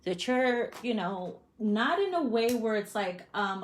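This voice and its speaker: A woman's voice: on the high side, animated, measured pace. Bubbly, swearing woman tarot reader. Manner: profane, bubbly, laughs often. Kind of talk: casual tarot reading to camera.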